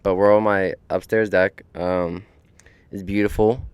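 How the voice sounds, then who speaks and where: A young podcast host on an outdoor deck tells a story in an easygoing monologue thick with swearing and fillers. His voice is low and smooth with little pitch movement, a little slow, and there's no room sound.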